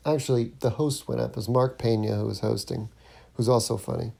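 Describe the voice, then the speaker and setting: A man's voice: medium pitch, fairly even intonation, fairly quick, creaky, mellow. A man hosting his own podcast as a stand-up comic, talking through a casual solo monologue with plenty of ums and restarts. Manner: rambling, lots of ums and restarts.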